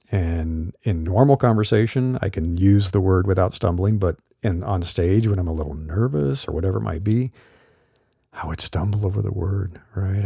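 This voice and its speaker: Middle-aged man, deep husky voice, dark tone, chatty podcast host on a dry close condenser mic. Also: dry recording. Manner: relaxed, chatty, with fillers and laughs. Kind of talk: casual solo podcast talk. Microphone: studio condenser mic.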